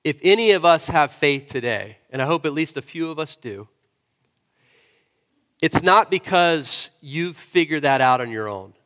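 A man's voice: on the high side, lively intonation, measured pace, a bit bright, big-room sound. A man preaching a sermon as pastor, earnest and conversational, often checking in with his listeners.

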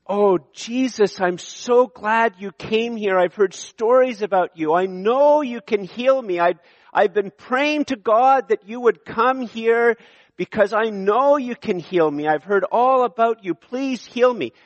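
A man's voice: sits high, a little slow, no echo, highs cut off, voice pushed up. A preacher acting out a bitter, sarcastic man who has been bedridden for many years, in a raised voice. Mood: pleading.

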